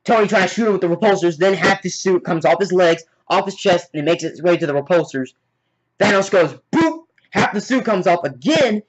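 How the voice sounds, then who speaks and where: Male reviewer, slightly high voice, excited play-by-play with sound effects, lo-fi sound. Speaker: movie reviewer. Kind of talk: casual spoken movie review. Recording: dull lo-fi recording.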